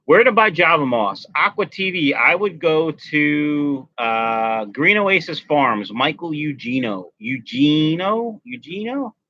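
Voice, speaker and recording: A man's voice: on the high side, expressive, takes it slowly, hardly any pauses, no room sound, muffled recording. A man hosting a casual fish-keeping live stream, chatting loosely with viewers and greeting them by name while nursing a migraine. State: has a migraine. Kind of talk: casual live stream chat reading comments.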